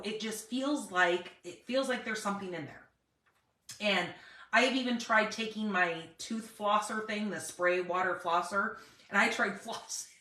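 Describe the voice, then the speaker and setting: A woman's voice: mid-range voice, pushed and bright, reverberant, distant mic, low-quality recording. A middle-aged woman chatting casually on a live stream, greeting viewers by name, with a dry cough and a cough drop in her mouth. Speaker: paper crafting host.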